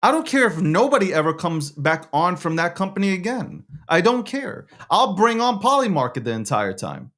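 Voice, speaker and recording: Guy with a high voice hosting a live show, cussing a lot, going on and on. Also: very animated, moderate pace, few pauses, fairly bright tone. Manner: heated, repetitive, heavy swearing. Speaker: show host and producer.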